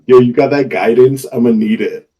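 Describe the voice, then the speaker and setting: A man's voice: mid-range voice, steady tone, fairly quick, warm tone, highs cut off. Casual man at a game table. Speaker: player.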